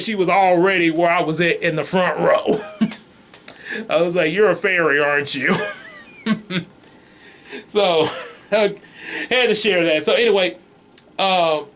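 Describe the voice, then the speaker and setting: A man's voice: high-pitched, a bit bright. A man giving a casual, rambling movie review, chuckling often and restarting his sentences. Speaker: comics vlogger reviewing a movie.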